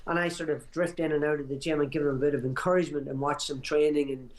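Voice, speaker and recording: Pundit, 60s, slightly high voice, emphatic reminiscing on radio talk. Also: male voice, fairly even intonation, quick pace. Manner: emphatic, reminiscing, restarts phrases often. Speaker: boxing pundit. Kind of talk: radio talk show chat.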